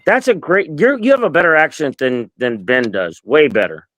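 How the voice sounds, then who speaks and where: A man's voice: fairly high pitch, expressive, moderate pace, background noise. Stammering, sarcastic man in a casual chat.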